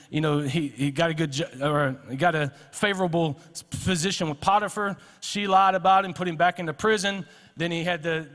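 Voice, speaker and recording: A man's voice: fairly high pitch, a bit bright, in a large hall. A male pastor with a Texan accent preaching a sermon to his congregation, talking conversationally, often restarting phrases and asking the room questions. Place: church sanctuary.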